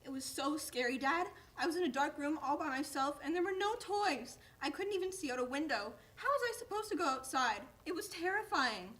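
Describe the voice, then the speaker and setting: A woman's voice: sits high, lively intonation, a little fast, few pauses, fairly bright tone. A woman playing an eager, chatty young male pet dog in a staged play reading, who keeps calling his owner "Dad.".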